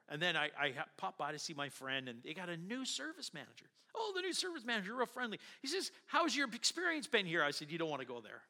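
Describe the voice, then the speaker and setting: Bright-voiced pastor telling a story. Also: male voice, a little high. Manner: animated anecdote-telling, acting out dialogue. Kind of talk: sermon storytelling.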